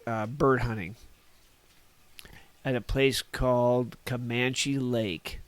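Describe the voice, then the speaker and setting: A man's voice: mid-range voice, fairly even intonation, takes it slowly, smooth, no echo. A man in his sixties from Northern California, a podcast guest telling old stories in a rambling, folksy way and chuckling at his own tales. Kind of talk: casual reminiscing storytelling.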